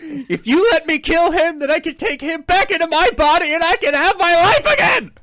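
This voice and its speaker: A man voicing a desperate male double who yells and sobs that his life was stolen. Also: extremely high pitch, animated, normal speed, pitched above the performer's own voice, full character voice. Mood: anguished. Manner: crying, yelling.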